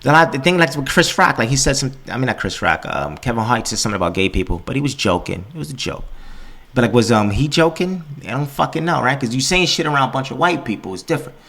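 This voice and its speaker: A man's voice: medium pitch, fast talker, creaky. A man hosting a podcast, ranting casually and profanely and acting out other people's voices. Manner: profane, animated, acts out quoted voices. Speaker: podcast host.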